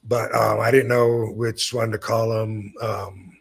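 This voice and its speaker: Podcast host, man in his fifties, gravelly voice, loose rambling anecdotes full of swearing. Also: fairly low pitch, little pitch movement, slow pace. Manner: rambling, laid-back, swears freely. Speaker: podcast host telling stories. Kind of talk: casual storytelling chat.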